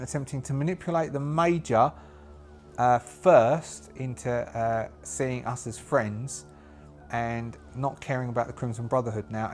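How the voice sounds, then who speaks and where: A man narrating a solo tabletop game, thinking aloud and rambling with many fillers and restarts. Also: medium pitch. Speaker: solo game master and player.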